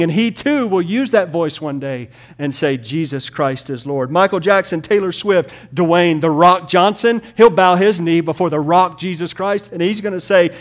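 A high-pitched man delivers a sermon that swings between loud, rapid-fire lists and hushed passages spoken almost in a whisper.

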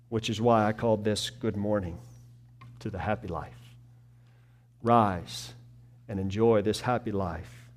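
A male pastor delivering a sermon with a mid-pitched voice. He drops to soft, slow pleading, then climbs into loud, urgent appeals. He speaks his prayers as a broken, humbled man.

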